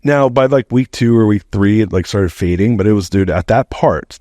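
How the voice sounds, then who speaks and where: A man's voice: lowish voice, normal speed, no echo, studio quality. A middle-aged man, a podcast guest, telling a story in a casual, rambling way, swearing freely and saying "like" often. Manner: animated, rambling, heavy use of "like", swears freely.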